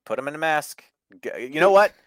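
A man hosting a casual wrestling review podcast, animated and profane, laughing often. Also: on the high side, brisk, dry recording, studio quality. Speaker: podcast host.

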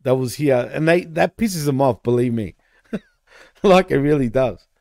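A man's voice: mid-range voice, a little slow, creaky, no echo. Australian man, casual dry-voiced co-host. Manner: relaxed, swears casually. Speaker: podcast co-host. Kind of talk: casual wrestling chat.

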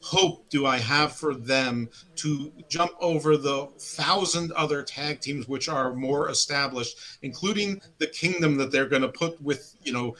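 A man's voice: a little high, unhurried, hardly any pauses, bright, forceful tone, poor audio. A man co-hosting a casual wrestling review podcast, joking and riffing. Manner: joking, mock-impressions, self-plugging. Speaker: podcast co-host.

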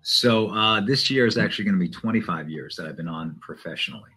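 A man's voice: deep voice, animated, quick pace, pushed and bright, breathy edge, faint music behind. A man from the New York area, a radio DJ, telling stories in an easygoing, casual way. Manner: easygoing, anecdotal, many fillers. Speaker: radio DJ and stadium announcer. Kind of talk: casual interview chat.

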